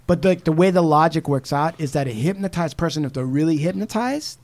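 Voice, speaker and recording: A man co-hosting a podcast, casually retelling a true-crime story, animated and swearing freely as he acts out quotes. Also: on the high side, brisk. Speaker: podcast co-host.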